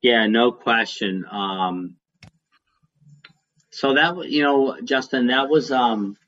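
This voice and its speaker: A middle-aged former racing driver telling rambling, folksy stories in a casual interview, laughing now and then. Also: male voice, medium pitch, slow, a bit bright. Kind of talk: casual storytelling. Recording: dull lo-fi sound.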